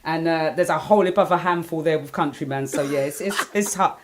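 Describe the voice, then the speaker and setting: A woman's voice: low-pitched, fairly quick, noisy background. A woman hosting a casual online radio show, reining in her co-hosts with exasperated laughter. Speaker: host.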